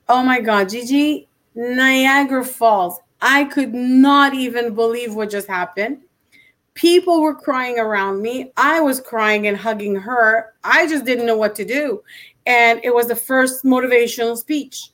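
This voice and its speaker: A woman, a motivational speaker and interview guest, telling her personal story in an animated, emphatic way and acting out the dialogue she recalls. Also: fairly high pitch, normal speed. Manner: animated and emphatic, acts out quoted dialogue, frequent restarts.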